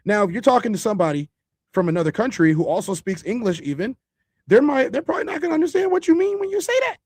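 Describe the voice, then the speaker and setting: A man's voice: high-pitched, big pitch swings, quick pace, a little mellow, slightly rough, no echo. A man with a Chicago accent hosting a podcast, talking loosely and conversationally with frequent restarts. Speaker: podcast host. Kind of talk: casual monologue.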